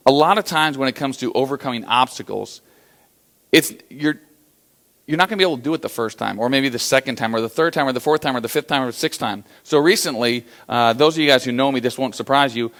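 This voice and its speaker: An American man giving a motivational business talk, telling stories with lots of fillers and acting out the quotes. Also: medium pitch. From USA. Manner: animated storyteller acting out quotes, many fillers. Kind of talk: storytelling keynote talk.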